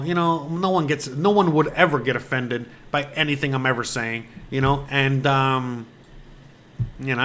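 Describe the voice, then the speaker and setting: A man's voice: a little high, a bit bright, a little hiss or hum. Rambling, swearing male chat host. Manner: rambling, peppered with "you know" and swearing. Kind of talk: casual livestream chat. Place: lives in Mexico.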